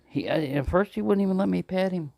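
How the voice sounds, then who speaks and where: With a high-pitched, gravelly yet mellow voice, a man cooks outdoors for his vlog and chats to the camera fairly quickly. He rambles along, talking to himself and answering in goofy voices.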